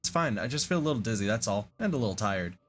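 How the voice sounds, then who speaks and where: A man's voice: lowish voice, animated, fast, slight background noise, lightly acted. A man reading aloud the lines of a wounded, brave young female forest guardian in his own voice. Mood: weary, reassuring.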